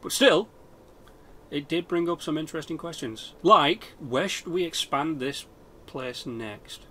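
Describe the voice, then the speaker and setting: A man's voice: on the high side, a little slow, fairly bright tone, a little hiss or hum. A man rambling and swearing through casual game commentary, joking about himself as he plays. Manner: rambling, swears a lot, self-mocking. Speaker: gaming channel host. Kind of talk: rambling let's-play commentary.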